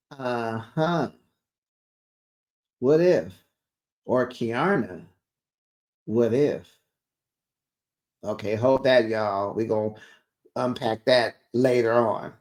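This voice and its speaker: A woman hosting a casual recap, gossiping in a lively way, calling listeners honey and child, laughing often and acting out what others said. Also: a bass voice. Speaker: recap host.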